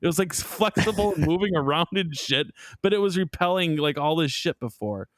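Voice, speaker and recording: A man's voice: on the high side, animated, fairly quick, slight background noise. A young man co-hosting a podcast who mocks and jokes crudely in casual chat, laughing often. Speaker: podcast co-host.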